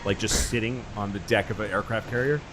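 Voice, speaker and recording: A low-voiced man spins rambling, profane stories as a comedy podcast host. He talks with animated energy over clear background noise. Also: brisk. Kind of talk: casual comedy podcast storytelling. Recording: noisy podcast recording.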